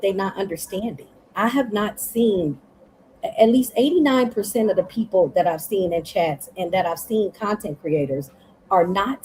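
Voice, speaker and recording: A tired woman talks earnestly on an online panel call, circling back and repeating herself as she makes her points. Her voice sits low and mellow. A faint hiss runs under the call audio. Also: poor audio. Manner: earnest, rambling, repeats "you know what I'm saying". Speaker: panel guest. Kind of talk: casual live panel discussion.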